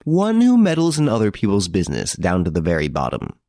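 A man doing a sneering gentleman thief. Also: low-pitched, wildly swooping pitch, a little fast, dry recording, studio quality, exaggerated voice. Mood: commanding. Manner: mocking, authoritative.

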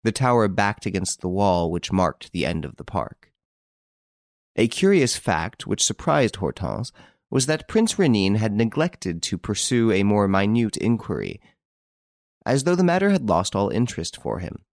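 A man reads a classic novel aloud with a fairly low voice and a lively, animated storytelling manner. The close, dry recording leaves no room sound at all. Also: moderate pace, vocal fry, no room sound. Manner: expressive, varied storytelling delivery. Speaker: audiobook narrator. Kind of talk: scripted narration.

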